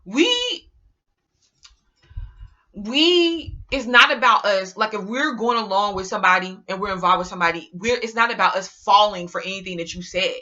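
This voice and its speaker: A woman vlogger talking casually to her viewers in an animated, rambling, slangy way. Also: medium pitch, moderate pace, dull audio. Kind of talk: casual monologue to camera.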